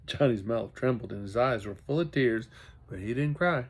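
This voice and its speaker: A man's voice: medium pitch, normal speed. A man reading a children's novel aloud as a hobby, with occasional self-corrections. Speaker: reader.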